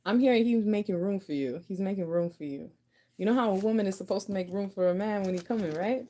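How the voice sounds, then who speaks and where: An intuitive card reader gives a casual channelled reading, addressing the viewer as "you" in a chatty, giggly, slangy way. Her voice is medium-pitched with a dark tone, and she talks fast.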